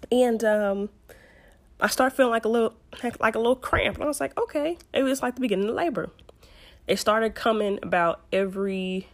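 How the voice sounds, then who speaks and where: A young woman, telling a personal story in a chatty, animated way with laughing asides. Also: medium pitch. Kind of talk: casual storytelling.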